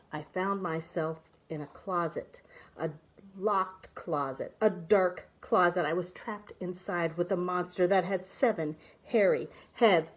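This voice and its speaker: A woman minister reading a children's picture book aloud with expressive, animated storytelling. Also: fairly low pitch.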